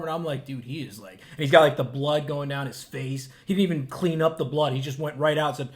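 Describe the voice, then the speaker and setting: A man co-hosts a casual podcast chat in a voice pitched a little high. He tells stories in a loose, rambling way, leaning on fillers as he goes. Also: fairly quick, few pauses. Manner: rambling, laid-back storytelling with fillers. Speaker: podcast co-host.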